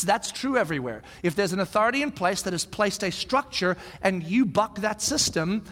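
A man in his forties preaches with a high, bright voice, telling stories with lively energy and acting out what people said. His words ring through a hall with a long reverb trail. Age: 40s. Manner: animated storytelling, acts out shouted quotes. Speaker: pastor. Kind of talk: sermon.

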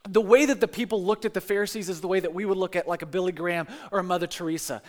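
A man with a notably high voice preaches in a relaxed, conversational way. He retells scripture stories with lively, acted-out quotes and keeps stumbling into restarts and chatty asides. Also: racing. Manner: animated storytelling with acted-out quotes. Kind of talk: casual sermon.

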